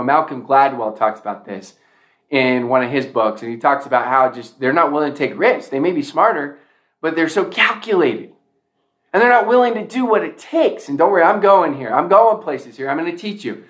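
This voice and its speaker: A man's voice: a little high, animated, a little fast, a bit bright. A man giving a motivational speech to a sales audience, emphatic, often repeating key lines for effect. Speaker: motivational speaker.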